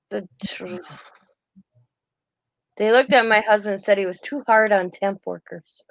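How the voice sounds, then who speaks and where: A woman's voice: on the high side, fairly bright tone, no room sound. Rambling middle-aged woman, muffled dry sound. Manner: rambling, self-correcting storyteller. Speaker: host of a crafting chat. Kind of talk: casual chat.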